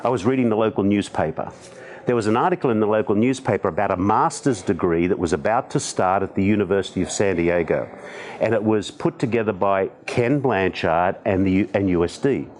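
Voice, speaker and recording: A man in his sixties with an Australian accent, a podcast guest telling stories in conversation with animated, self-deprecating humor. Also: lowish voice, brisk. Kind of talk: conversational storytelling.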